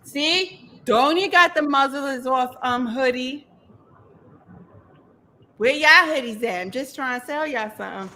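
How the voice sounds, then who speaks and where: A middle-aged woman hosts a casual podcast chat in a fairly high voice. She talks emphatically, circles back to repeat her points and laughs often. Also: unhurried, long pauses, pushed and bright. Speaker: podcast host.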